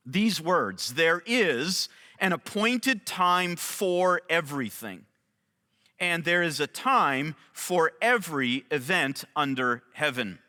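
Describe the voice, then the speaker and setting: A man teaching an expository Bible study in a deliberate, emphatic way, repeating key phrases. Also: a little high, pushed and bright. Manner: slow, deliberate, emphatic restatements. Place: large church auditorium. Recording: long church hall reverb.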